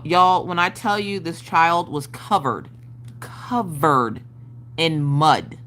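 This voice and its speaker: Lively, animated woman telling a story. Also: deep voice, measured pace. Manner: animated, exaggerated, swears freely; acts out family members' voices. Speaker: craft stream host. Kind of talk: casual storytelling to a live chat.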